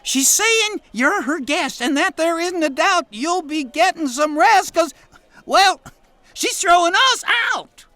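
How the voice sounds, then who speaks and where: A man's voice: very high-pitched, expressive, slow, pushed and bright, dry recording, pitched above the performer's own voice, heavily acted. A man reading an audiobook, voicing a folksy male companion with a drawled manner. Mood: amused.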